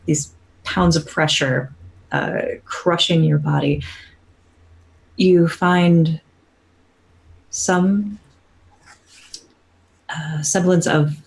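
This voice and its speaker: A woman running a tabletop game as game master, narrating slowly and haltingly as she explains rules. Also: deep voice, steady tone, vocal fry, rough recording. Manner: slow, halting descriptive narration.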